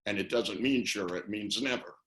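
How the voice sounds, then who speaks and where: A man's voice: on the low side, moderate pace, fairly bright tone. An older man on a video call, talking casually and rambling through anecdotes, acting out the phrases he quotes. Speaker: interviewee, NLP trainer. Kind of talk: casual webinar talk.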